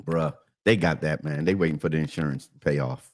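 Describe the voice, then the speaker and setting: A man's voice: a bass voice, a little fast, a little mellow. A man co-hosting a casual chat, chiming in with short, slangy remarks and agreements. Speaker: co-host.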